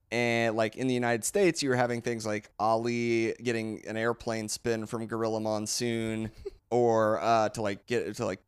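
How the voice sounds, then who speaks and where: A man's voice: medium pitch, clean tone, no room sound, studio quality. A man co-hosting a casual podcast, explaining history in a rambling way with many fillers and restarts. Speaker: podcast co-host. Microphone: close podcast mic.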